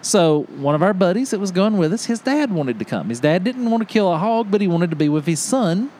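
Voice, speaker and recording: A man on a podcast telling a hunting story in casual chat, animated and laughing often as he acts out what people said. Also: high-pitched, fairly quick, slight background noise. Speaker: podcast host.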